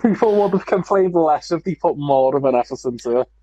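A man's voice: fairly high pitch, expressive, brisk, warm tone. A man co-hosting a casual podcast chat, insistent and repeating himself. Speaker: podcast co-host. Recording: dull lo-fi sound.

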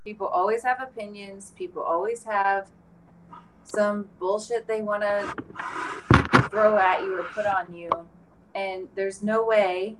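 A woman's voice: mid-range voice, steady tone, a little slow. A woman therapist co-hosting a podcast, talking frankly and bluntly in casual chat, swearing now and then. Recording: distant mic with faint background noise.

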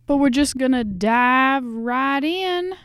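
A woman's voice: sits high, animated, takes it slowly, a bit bright, clear, resonant tone, no room sound, studio quality. A young woman hosting a casual food review podcast from her closet, chatty and slangy, tired and stressed. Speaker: podcast host. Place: small closet. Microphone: podcast microphone.

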